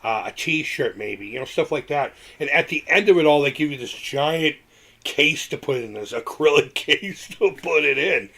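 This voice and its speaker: A man's voice: fairly high pitch, animated, moderate pace, sharp tone. A middle-aged man hosting a casual live stream, talking in a loose, rambling way with restarts and small chuckles.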